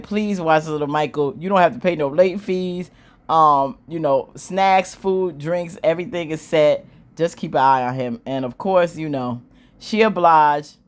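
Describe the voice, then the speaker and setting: A woman casually recapping a TV drama episode, animated and slangy, acting out the characters' lines. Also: deep voice. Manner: animated, slangy storytelling with squealing acted-out quotes and laughs. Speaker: show recap host.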